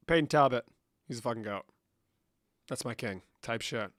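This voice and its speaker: A man's voice: mid-range voice, moderate pace, pauses often, no room sound, studio quality. A young man chatting on a live stream, bantering with viewers in a profane, joking way and slipping between English and Spanish. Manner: profane, bantering, answers chat questions aloud. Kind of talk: casual live-stream chat.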